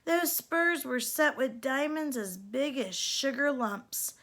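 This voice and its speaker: A woman teacher reading a picture book aloud in an unhurried, expressive storytelling manner. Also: high-pitched.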